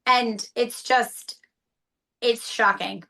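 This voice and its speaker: A woman's voice: fairly high pitch, steady tone, extremely slow, gravelly, bright, forceful tone. A woman in her thirties, partner of a stroke survivor, speaking candidly and emotionally in an interview, with frequent restarts. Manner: candid, tearful at times, many restarts.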